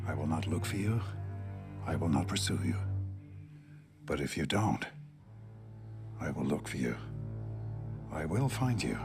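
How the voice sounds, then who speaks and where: An actor playing a grim former agent father, giving a cold, measured threat to kidnappers in a film clip. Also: sits low, gravelly, heavily acted. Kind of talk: film dialogue over phone. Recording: film clip with music behind.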